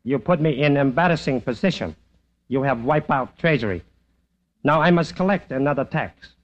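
An actor playing a menacing warlord general who speaks clipped English that drops its articles, in an old-time radio drama. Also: male voice, medium pitch, animated, moderate pace, lightly acted. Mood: sly. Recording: dull lo-fi vintage radio broadcast.

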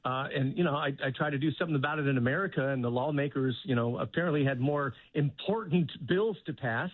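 A man calling into a radio show as a guest, telling a comic story in a mock-serious, deadpan way. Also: mid-range voice, fast talker, no room sound. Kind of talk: phone-in interview, humorous. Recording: tinny phone line.

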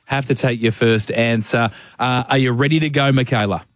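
A man's voice: medium pitch, fairly even intonation, normal speed, no room sound. A man hosting breakfast radio and running a quiz, ribbing his co-host in a dry, exasperated way. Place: radio studio.

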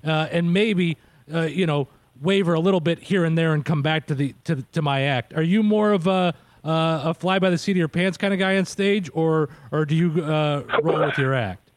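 A man's voice: a little high, moderate pace, dry recording. A man in his thirties hosting a casual radio interview, chatty, laughing easily and dropping lots of filler words. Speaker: radio host.

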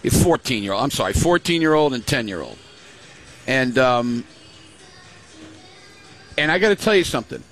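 With faint music behind him, a grandfather shares family stories in casual conversation on a show, performing the voices of the people he quotes. He talks at normal speed with frequent pauses, in a very animated, fairly bright medium-pitched voice.

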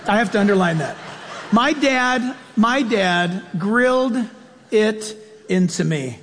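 A man preaching a sermon as pastor, telling stories in an animated way with sudden jumps in pitch. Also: takes it slowly. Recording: long church-hall reverb.

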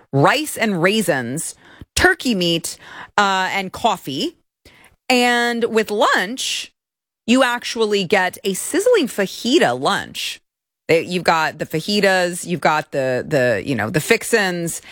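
Sarcastic woman host, lively delivery. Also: mid-range voice, slow pace, dry recording, clean studio sound. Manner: sarcastic, indignant, animated. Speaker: commentary show host. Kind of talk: opinionated political commentary.

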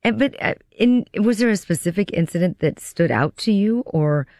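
A woman hosting a radio talk show, engaged with her guest and brisk when going to a break. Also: mid-range voice, animated, darkish tone, dry recording, clean studio sound.

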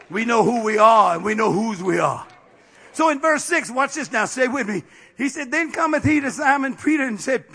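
A man preaching a sermon as a bishop, with fiery call-and-response delivery that breaks into shouts at its peaks. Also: high-pitched, husky. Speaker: bishop and pastor.

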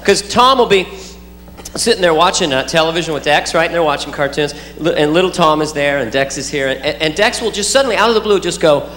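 A man's voice: a little high, animated, fast. A man doing stand-up comedy, playful, acting out his children with silly voices. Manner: playful, does silly voices and sound effects. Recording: echoey hall, loud crowd and noise.

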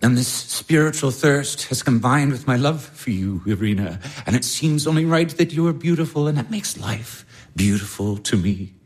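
A man's voice: mid-range voice, expressive, moderate pace, slightly rough. A man playing a lovesick young baron. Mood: earnest. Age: 20s. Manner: earnest, pleading. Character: earnest young male baron, lovesick suitor. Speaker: baron, suitor. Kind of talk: stage drama acting.

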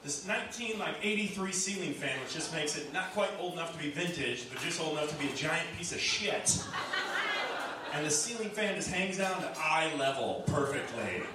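A man's voice: a little high, expressive, normal speed, recorded from a distance. A man tells rambling, self-mocking stories on a club stage. His voice bounces around a very echoey space and sits well back from the mic. A noise floor hums under him. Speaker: stand-up comedian. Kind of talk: stand-up set.

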